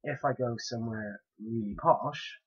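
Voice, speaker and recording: Speaking at a measured pace in a medium, slightly rough voice, this young audio blogger from Wales wanders casually through questions, hesitating and leaning on fillers. The home recording is dull and lo-fi.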